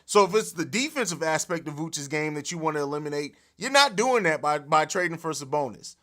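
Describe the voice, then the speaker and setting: Animated, profane man hosting a livestream. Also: fairly high pitch, brisk. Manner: animated, profane, laughing often. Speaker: podcast host. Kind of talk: casual livestream chat. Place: home studio. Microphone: overhead mic.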